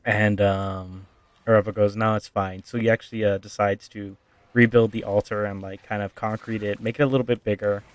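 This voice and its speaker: A man's voice: lowish voice, flat delivery, fairly quick, no echo. A man casually retelling a tabletop backstory as a streamer, rambling with lots of fillers.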